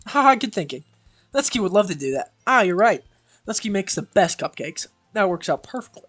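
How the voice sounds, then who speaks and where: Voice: mid-range voice, big pitch swings, fairly quick, fairly bright tone. A streamer voicing an upbeat girl club president. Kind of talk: reading a visual novel aloud.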